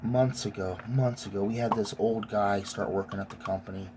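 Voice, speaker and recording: A woman's voice: extremely low pitch, steady tone, normal speed, noisy background. A woman giving a blunt, profane, emotionally intense rant as a vlogger. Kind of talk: profane ranting monologue.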